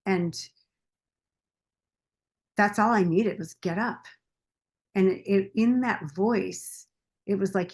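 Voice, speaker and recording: A woman's voice: fairly low pitch, normal speed. A woman podcast guest and coach telling a candid personal story, open and confessional, often quoting her past self.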